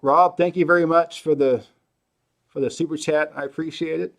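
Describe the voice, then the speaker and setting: A man's voice: on the high side, normal speed. Man thinking aloud on a live Q&A. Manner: relaxed, thinking aloud with many fillers and restarts. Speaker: host. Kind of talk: casual livestream Q&A.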